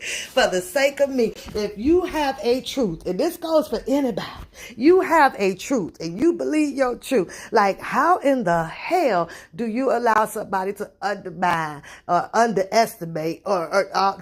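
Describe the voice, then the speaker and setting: A woman hosts her own online show in a loose, casual monologue. Her voice sits high, and her delivery is profane and animated, with frequent laughter. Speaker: talk show host.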